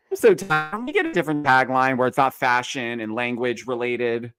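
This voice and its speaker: A man's voice: mid-range voice, normal speed, over music. A young adult man joining a casual gossip chat as a guest, playful and eager to jump in. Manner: animated, playful, jumps in eagerly. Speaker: podcast guest.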